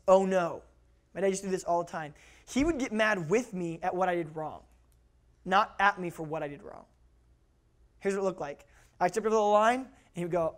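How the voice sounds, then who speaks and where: Animated man giving a youth talk. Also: high-pitched. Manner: animated storyteller who acts out quotes, repeats key words. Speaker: youth pastor.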